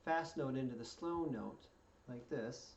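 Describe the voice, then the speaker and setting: Patient fiddle teacher counting in, roomy. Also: male voice, medium pitch, vocal fry, over loud music. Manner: patient, counts in slowly before each play-through. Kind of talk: step-by-step music lesson. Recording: echoey room, distant mic, dull sound. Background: fiddle playing.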